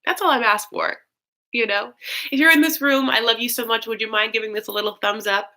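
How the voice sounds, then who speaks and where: A woman's voice: a little high, steady tone, a little fast, pushed and bright. A young woman hosting a casual livestream, rambling with lots of fillers and gushing thanks to her viewers. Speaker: host of a live recap stream.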